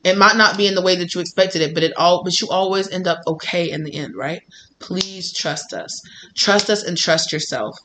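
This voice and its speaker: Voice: mid-range voice, moderate pace, noisy background, lightly acted. A tarot reader voicing a spirit guide that talks to the listener bluntly but with affection. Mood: reassuring.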